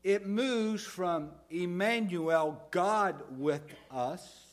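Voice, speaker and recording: A male pastor preaching a sermon, dropping to soft low phrases and rising to loud emphatic ones. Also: very slow.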